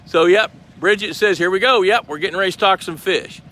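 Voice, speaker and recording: Bright-voiced man explaining outdoors. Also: sits high, a little fast. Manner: explanatory, chatty, walking around. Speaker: host. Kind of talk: live-stream walkthrough. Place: outdoors by a lake at a fish truck. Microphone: handheld phone camera.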